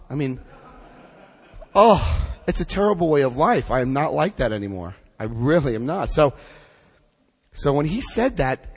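A middle-aged man giving a personal recovery testimony to an audience, telling his story with dramatic pauses. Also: a little high, breathy edge. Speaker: recovery speaker. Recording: hall reverb.

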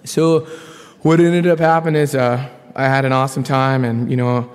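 A man's voice: medium pitch, moderate pace, clear, resonant tone. Casual man telling his story in a hall. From Colorado. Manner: casual, animated storytelling with slang and laughs. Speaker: speaker sharing his story at a recovery meeting. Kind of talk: personal testimony from a podium. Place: large conference hall. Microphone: podium mic. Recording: long hall reverb.

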